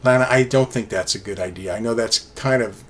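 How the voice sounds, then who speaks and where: A man's voice: on the low side, brisk, fairly bright tone. Brief: male fan-reviewer, chatty and meandering, speaks with plain enthusiasm. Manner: rambling, enthusiastic fan talk with many fillers. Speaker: music reviewer. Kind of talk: casual solo album review.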